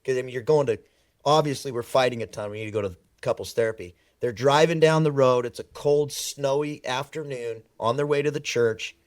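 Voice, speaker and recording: A man telling personal stories in a podcast conversation, animated and emphatic, repeating words for effect. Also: medium pitch, brisk, no echo, studio quality. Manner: animated storyteller who acts out quoted dialogue. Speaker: podcast guest.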